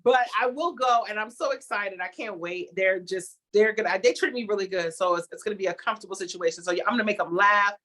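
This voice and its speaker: A young adult woman, a TV host, chatting as an interview guest and telling a story with lively acted-out reactions. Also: medium pitch, quick pace, few pauses. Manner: animated storytelling, acts out her own reactions. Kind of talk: casual interview chat.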